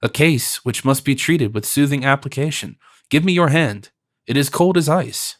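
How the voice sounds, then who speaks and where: A man reading an audiobook, voicing a composed, gentle noble princess in a measured, lightly raised voice. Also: medium pitch, lightly acted. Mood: playful. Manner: gentle, measured, softly teasing.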